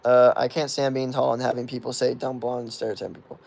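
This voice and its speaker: Young guy in his 20s, gravelly, easygoing streamer who rambles through chat questions, filler-heavy and profane. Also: medium pitch, level tone, quick pace, a little mellow. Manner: rambling, filler-heavy with constant "like", swears freely. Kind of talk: casual livestream chat.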